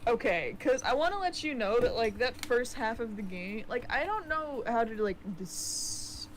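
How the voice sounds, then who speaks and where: A woman rambles casually to a friend during a game session, full of fillers. Her voice sits high and moves with lively swings, with faint noise underneath. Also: normal speed, low-quality recording. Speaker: co-host. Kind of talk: casual chat while playing a game.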